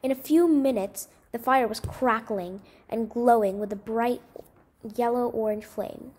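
A woman reading a short story aloud in an expressive, dramatic way. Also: fairly high pitch, measured pace.

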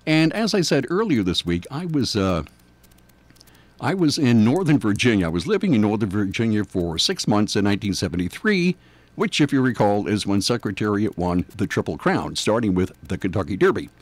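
Chatty older New York radio host. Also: male voice, fairly low pitch, darkish tone, no room sound. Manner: rambling, chatty, self-deprecating. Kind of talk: casual morning radio chat.

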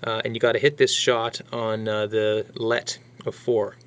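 A man's voice: lowish voice, a little slow, clean tone. A man teaching drums, talking casually through a sheet of music and counting beats aloud. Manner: relaxed and chatty, counting beats aloud, brief excited asides. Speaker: drum teacher.

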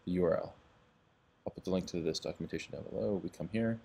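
Man, deep voice, gravelly fry, casual tutorial host, breezy and upbeat, faint background hiss. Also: fast talker, mellow. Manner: breezy, upbeat, talks to viewers as "guys". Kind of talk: casual screen-recorded tutorial.

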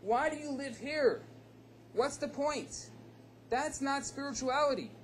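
A man voicing a smooth-talking male wanderer who coaxes and insists, pitched well above his own voice. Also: animated, a little slow, slight background noise, rough recording. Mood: coaxing. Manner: coaxing, insistent sales pitch.

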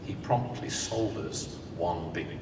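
A man reciting comic nursery-rhyme verse with dry, deadpan jokes, heard from a distance in an echoey hall with rumbling noise. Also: slow. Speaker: comic performer.

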